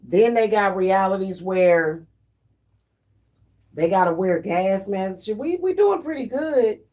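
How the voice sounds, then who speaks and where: Slow-talking woman in slangy, profane chat. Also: mid-range voice, animated, dark tone. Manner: slangy, loose and profane, laughs often. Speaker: spiritual reader and spellworker. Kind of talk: casual livestream chat.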